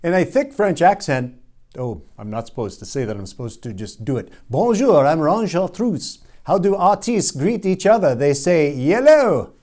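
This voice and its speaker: A man's voice: mid-range voice, sing-song, a little fast, darkish tone, lightly acted. A man playing a goofy pun-telling jokester. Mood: joking. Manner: jokey, fumbles stage directions aloud. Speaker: caller in a church skit. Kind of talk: amateur stage skit.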